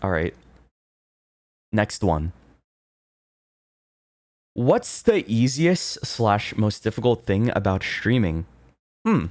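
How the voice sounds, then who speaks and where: A man's voice: on the low side, very animated, slow, long pauses, a little mellow, dry recording. A young man streaming from home into a close desk mic, chatting casually with his viewers in a rambling way, with laughs and swearing. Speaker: VTuber streamer. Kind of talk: casual livestream chat reading confessions.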